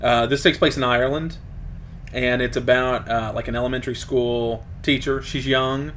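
A man's voice: mid-range voice, steady tone, moderate pace, fairly bright tone, slight background noise. A man casually retelling a film's plot as a podcast co-host, rambling with plenty of fillers. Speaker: podcast co-host reviewing a film. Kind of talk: casual chat.

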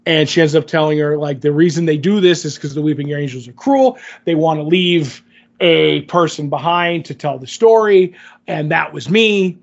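A man's voice: on the high side, normal speed, vocal fry, muffled recording. A man casually recapping a TV episode in a loose, rambling way, full of fillers. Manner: rambling, filler-heavy retelling. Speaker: podcast co-host.

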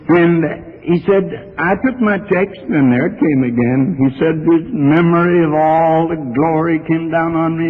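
A man preaching in a church, telling his story with earnest, building fervor in a fairly high, slightly husky voice. It's an old archival recording, thin and phone-like, with a long reverb trailing off his words. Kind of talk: sermon.

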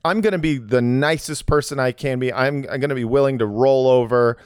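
A man's voice: medium pitch, fairly quick, smooth, no room sound, studio quality. A man in casual podcast chat, rambling through crude jokes and laughing at them.

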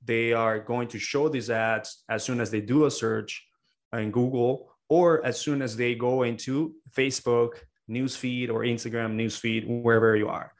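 A man as a podcast guest, explaining in an earnest, casual way. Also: medium pitch. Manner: earnest, explains with many fillers and restarts. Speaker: podcast guest, agency owner. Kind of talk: casual interview talk.

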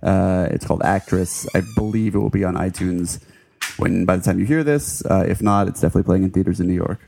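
Deep, gravelly man discussing films. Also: brisk, a little mellow, soft background music. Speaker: podcast co-host, film critic. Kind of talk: casual film review chat.

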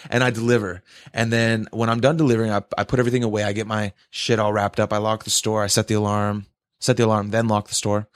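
A man's voice: fairly low pitch, no room sound, clean studio sound. A man telling a long, profane story in a rambling casual way, often tagging "right?" onto his sentences. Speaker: podcast co-host telling a story.

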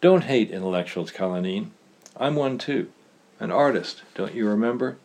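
Male reader doing a soft-voiced, calculating woman, gentle and persuasive. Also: fairly low pitch, lively intonation, normal speed. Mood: coaxing. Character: calculating woman artist, soft-spoken and scheming.

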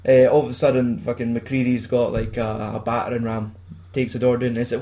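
A man's voice: mid-range voice, flat delivery, fairly quick, dark tone. Scottish guy going through a movie plot, lots of swearing and laughing, does the lines. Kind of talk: casual chat retelling a film plot.

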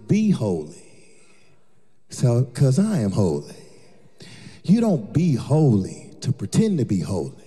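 A man's voice: mid-range voice, mellow. A male pastor preaching a rousing sermon in a church, chanting and hollering with call-and-response. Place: church sanctuary. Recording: long church reverb with music behind.

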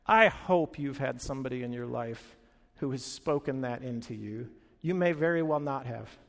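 A man preaching a sermon as a pastor, telling stories with energy, acting out quoted lines and dropping to quiet earnest moments. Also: medium pitch, moderate pace, vocal fry, in a large hall.

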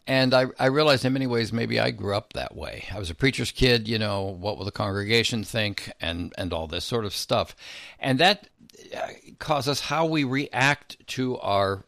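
A man hosting an interview, asking measured, thoughtful questions about parenting. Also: medium pitch, gravelly, a bit bright, no room sound, clean studio sound. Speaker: interview host.

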